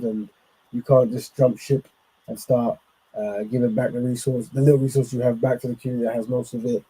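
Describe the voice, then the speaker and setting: A man's voice: mid-range voice, husky, poor audio. A man hosting, commenting on clips in a loose, rambling way with lots of fillers. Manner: loose, rambling, with many fillers and shout-outs. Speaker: host.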